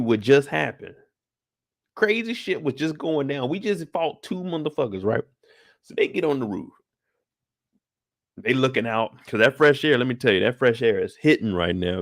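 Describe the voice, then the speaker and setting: A man's voice: mid-range voice, lively intonation, moderate pace, no room sound, studio quality. A young adult man recapping a TV episode in casual, profane commentary. He acts out the scenes with voices and sound effects, and sounds tired, sighing between lines. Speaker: YouTube show recap host.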